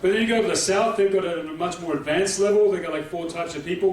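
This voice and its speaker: A man's voice: high-pitched, fast. A man doing a stand-up comedy set on a club stage, chatty and punchy, constantly checking in with the crowd. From Australia. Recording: echoey room taped from far off with crowd noise.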